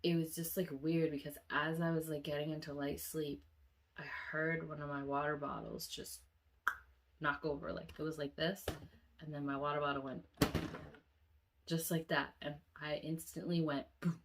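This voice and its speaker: A young woman vlogging about a nightmare, telling it casually and leaping into high, shouted voices for the people in her dream, then dropping to a soft murmur. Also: moderate pace, noisy background. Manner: animated storyteller, acts out quoted voices with sudden high pitch jumps; drops to a soft, low murmur when reflecting.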